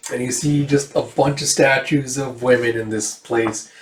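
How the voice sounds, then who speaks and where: A man's voice: medium pitch, fairly even intonation, normal speed. A man casually recapping a comic story in a slangy, reactive way. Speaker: manga reader and commentator. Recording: echoey room, far from mic.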